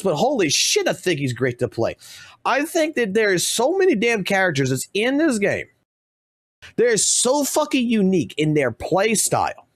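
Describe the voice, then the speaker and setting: A game streamer with a high male voice, recorded without room sound, rants heatedly and swears nonstop in profane gaming talk.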